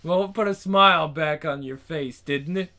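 A man doing a gruff hard man. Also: on the high side, normal speed, pushed and bright. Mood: blunt. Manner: blunt, sweary, matter-of-fact. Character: gruff British hard man, blunt and sardonic.

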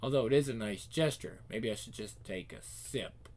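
A man's voice: fairly low pitch, moderate pace, gravelly, a little mellow, voice pushed down. A man voicing a proud, stubborn young woman muttering her thoughts in a sulky way. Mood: defiant.

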